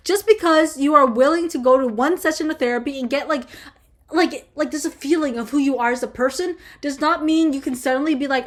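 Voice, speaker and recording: High-voiced young woman ranting profanely. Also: fairly bright tone. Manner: profane, heated ranting with constant fillers. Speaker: vlogger answering viewer questions. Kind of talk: casual ranting chat.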